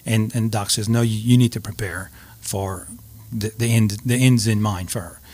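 A middle-aged man, a guest telling a personal story in an earnest, halting way with many restarts. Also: lowish voice, fairly even intonation, a little mellow.

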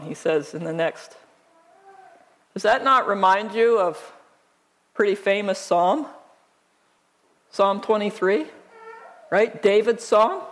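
A woman pastor preaching a sermon, reading scripture aloud in a deliberate, emphatic way. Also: mid-range voice, lively intonation.

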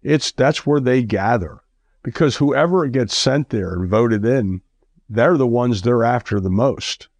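A man's voice: mid-range voice, a little slow, darkish tone, no room sound. A man preaching a radio sermon, earnest and exhorting, with lots of repetition.

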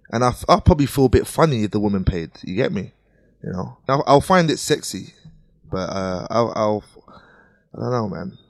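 Deep, dry-sounding man, podcast co-host, confident and laid-back. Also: creaky, no room sound. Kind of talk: casual podcast chat.

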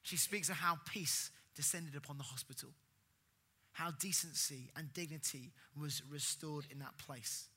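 A man preaching a sermon earnestly, rising in emphasis and then dropping soft. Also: on the high side, unhurried, husky.

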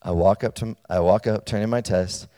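A man preaching to college students, talking casually and checking in with them, and getting loud and animated as he tells a personal story. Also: fairly low pitch, moderate pace. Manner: conversational, storytelling, checks in with listeners; grows loud and animated when telling a story. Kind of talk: sermon. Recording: long hall reverb.

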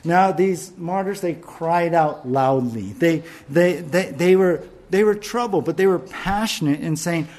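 Pastor guy preaching, kinda high voice, fervent, keeps restarting his words. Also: a little slow, hardly any pauses, darkish tone. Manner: fervent, emphatic, with many stammered restarts. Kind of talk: sermon.

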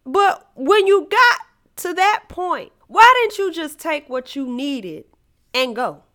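A woman hosting a podcast, ranting about a TV show in a profane, dramatic way, swinging from shouting to low asides. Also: very animated, takes it slowly. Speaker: podcast host reviewing a TV show. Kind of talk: animated comedic rant.

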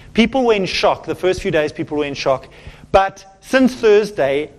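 A middle-aged man, a pastor, preaching a sermon in a church in an earnest, emphatic way, often restarting his phrases. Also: sits high.

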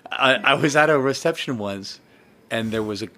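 A man's voice: medium pitch, normal speed, pushed and bright. A man in a casual chat, joking and telling anecdotes. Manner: chatty, joking.

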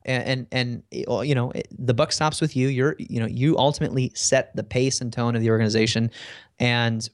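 A man's voice: medium pitch, fairly even intonation, normal speed, no room sound, studio quality. A man in a casual interview, telling work stories in a conversational way with frequent fillers. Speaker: guest.

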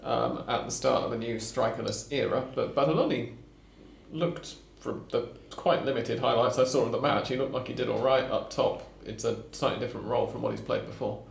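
A man's voice: medium pitch, fairly even intonation, a little fast, gravelly, reverberant, a little hiss or hum. A man hosting a casual football podcast, chatty and explaining details for listeners. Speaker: podcast host.

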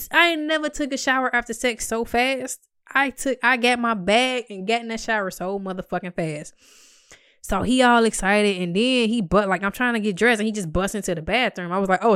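A woman's voice: on the high side, fairly bright tone, smooth, dry recording. A woman telling a personal story to her viewers in a candid, blunt and profane way, with dry, exasperated humor, acting out what she said at the time. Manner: blunt and profane, acts out her own quoted lines.

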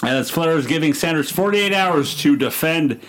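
A man's voice: fairly high pitch, animated, normal speed, a bit bright. A man hosting a casual podcast, joking around and rambling through a recap with lots of fillers. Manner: jokey, rambling, many fillers. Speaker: podcast host. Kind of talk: casual chat recapping wrestling.

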